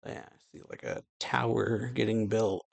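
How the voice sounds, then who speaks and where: A man's voice: lowish voice, fairly even intonation, moderate pace, gravelly. A man hosting a reaction video, casually reading out a comic chapter and rambling with fillers. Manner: loose, rambling, many fillers like "yeah" and "like". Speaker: anime reaction host.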